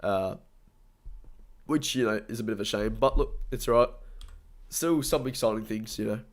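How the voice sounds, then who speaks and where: A man's voice: lowish voice, normal speed. A young Australian man with a stuffy nose, rambling casually on a live stream and thanking his viewers. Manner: rambling, chatty, upbeat, thanks viewers often.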